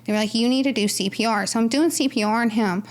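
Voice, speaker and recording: A woman appearing as a podcast guest tells her personal story in a casual, loose, rambling way, peppering it with "like" and "right?". Her voice is on the high side and she talks quickly.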